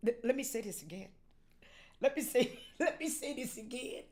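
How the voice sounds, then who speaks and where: A woman pastor with a high voice preaches a sermon. She repeats her lines and calls on the congregation to say them back, dropping to hushed urging and rising to loud shouts. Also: moderate pace. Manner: call-and-response, repeats phrases.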